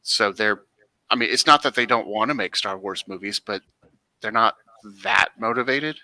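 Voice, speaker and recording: A man co-hosting a podcast in casual chat, giving frank, measured opinions. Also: on the low side, bright, forceful tone, no echo. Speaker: podcast co-host.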